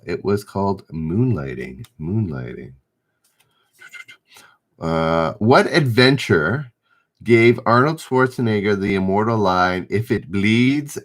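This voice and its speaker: A middle-aged man hosting a live-stream trivia game, reading questions aloud, stumbling and rereading, and chatting with viewers. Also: lowish voice. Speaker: trivia host.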